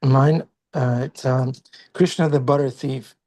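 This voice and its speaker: A man moderating a class, chatting in a relaxed, humorous way with some hesitations. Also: medium pitch, measured pace. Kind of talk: casual chat.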